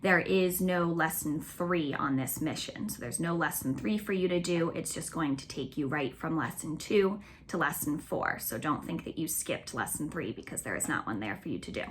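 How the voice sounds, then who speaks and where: A woman teaching a remote phonics lesson to young schoolchildren, cheerful and patient, slowly stretching words out for the class. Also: low-pitched, expressive, a little hiss or hum.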